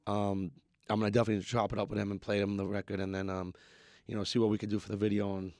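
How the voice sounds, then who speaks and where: A man from New York, a musician guest, talking candidly in an interview with halting restarts and frequent fillers. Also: lowish voice, completely flat delivery, dark tone, no echo. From New York, USA.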